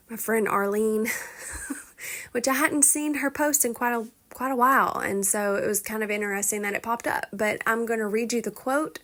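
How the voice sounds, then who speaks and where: A woman's voice: medium pitch, fairly bright tone. A woman hosting her own podcast in a candid, confessional monologue, swearing freely and laughing between thoughts. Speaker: podcast host.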